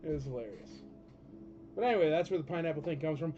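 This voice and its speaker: A man's voice: on the high side, animated, quick pace. A man hosting a live auction stream, rambling and joking with viewers between lots. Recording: dull lo-fi stream audio with loud music behind. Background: music.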